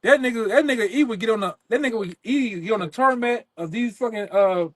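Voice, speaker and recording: A man joining in a live teaching session, talking in halting bursts and often restarting while he hunts for words. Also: high voice, dry recording. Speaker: fellow preacher.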